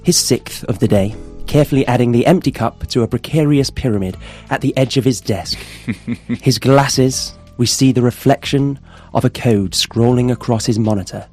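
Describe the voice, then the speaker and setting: A man reads descriptive, screenplay-style narration for a tabletop game in a low voice. Faint music plays softly underneath him. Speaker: player. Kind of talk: reading scripted scene narration.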